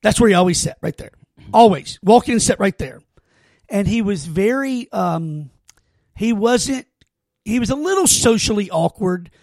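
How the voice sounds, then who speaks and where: Gravelly high-voiced man telling stories. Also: animated, unhurried, a little mellow, no echo, studio quality. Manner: earnest rambling storyteller, many restarts. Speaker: podcast host. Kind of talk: casual heartfelt conversation.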